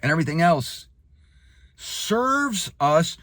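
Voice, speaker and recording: Emphatic man teaching the Bible. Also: no echo. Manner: emphatic, slows down hard on key phrases; animated, leaps up in pitch for emphasis.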